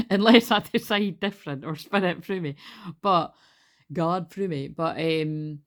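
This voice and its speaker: A woman with a lowish voice chats through a tarot card reading. She rambles, laughs often and swears freely, as if talking to her followers. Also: takes it slowly. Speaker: tarot reader. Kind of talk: casual spiritual card reading.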